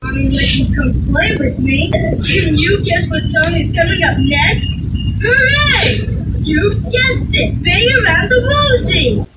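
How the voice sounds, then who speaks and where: A woman's voice: very high voice, big pitch swings, takes it slowly, over loud music, full character voice. A woman voicing a cheerful, playful little child in a children's cartoon, eager and asking many questions. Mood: excited. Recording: distant mic with clear background noise.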